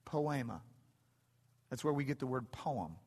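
A middle-aged man preaching a sermon in a church, animated and building to excited peaks, often repeating phrases. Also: mid-range voice, unhurried, slightly rough. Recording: long hall reverb.

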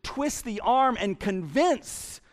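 A male pastor preaching a sermon in an animated way, repeating words as he builds each point. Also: high voice, slow.

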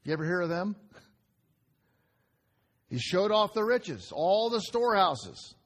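A man preaching a sermon in a conversational way, asking the congregation rhetorical questions and dropping to quiet asides between emphatic lines. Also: sits high, big pitch swings, unhurried. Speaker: pastor.

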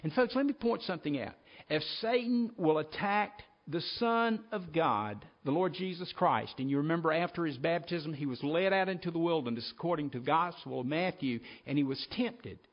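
A man's voice: a little high, animated, normal speed, hardly any pauses. A man preaching a sermon, reading scripture aloud and earnestly addressing his listeners as folks. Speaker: pastor. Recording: dull lo-fi recording.

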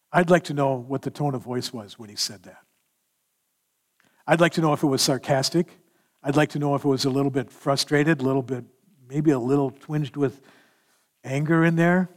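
A man preaching a sermon in an animated manner, acting out scripture dialogue as he explains verses. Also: medium pitch, normal speed, pauses often. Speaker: pastor.

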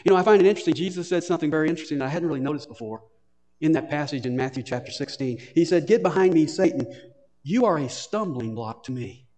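A man preaches from the pulpit with a fairly high voice and emphatic, repeated phrasing. His words ring out with a long reverb in a church hall. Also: lively intonation, racing, darkish tone. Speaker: pastor. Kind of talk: sermon.

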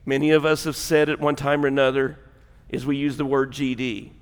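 A male pastor with a Southern US accent preaching a sermon. He talks in a folksy, joking way and works up to loud, emphatic preaching. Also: mid-range voice, little pitch movement, brisk, clean tone, in a large hall. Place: church sanctuary.

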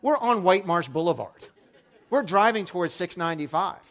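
A man's voice: high voice, lively intonation, moderate pace. A man preaching a sermon as pastor, telling stories in a casual, lightly humorous way. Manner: conversational storytelling with light humor.

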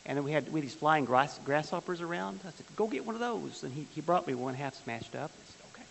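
A man's voice: on the high side, fast, creaky. A man teaching a church Bible class with a folksy, joking manner, telling stories and asking the class questions. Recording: hissy, long-reverb hall.

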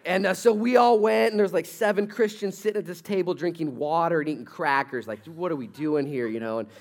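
A pastor delivers a sermon as a story, speaking a little fast and swinging lively between loud, excited bursts and quiet, low-toned stretches.

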